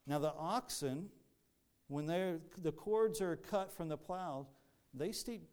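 A man delivers a sermon in a smooth, resonant voice pitched a little high. He talks earnestly, circling back and repeating words as he builds his point. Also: slow, a little mellow. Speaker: pastor.

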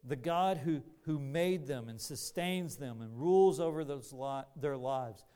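A man preaching a sermon to a congregation in an earnest, deliberate manner with rising emphasis. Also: mid-range voice, warm tone, clean tone. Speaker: pastor.

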